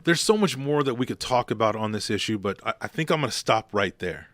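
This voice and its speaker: A man's voice: fairly low pitch, expressive, a little fast, a bit bright, dry recording. A man hosting a motivational podcast, talking bluntly and telling stories with emphasis. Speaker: podcast host.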